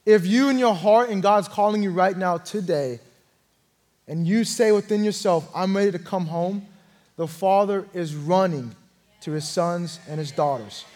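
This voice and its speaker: An earnest young man preaching his own testimony from the pulpit. His voice sits high for a man, and he tells the story plainly before building louder at the turning points. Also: measured pace. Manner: earnest, storytelling, swells louder at key moments. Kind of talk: sermon testimony.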